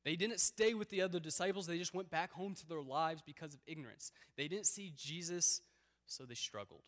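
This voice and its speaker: A man preaching a sermon as a pastor, earnest and building to emphatic appeals, then dropping low for somber points. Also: brisk, a bit bright. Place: church hall. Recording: long hall reverb.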